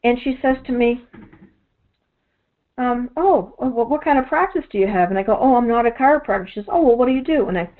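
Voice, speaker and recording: A woman's voice: a little high, lively intonation, brisk. A woman who does energy work, telling long rambling stories in a casual chat, full of fillers and restarts. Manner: rambling, many "you know" fillers and restarts. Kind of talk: casual storytelling monologue. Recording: tinny phone-like audio.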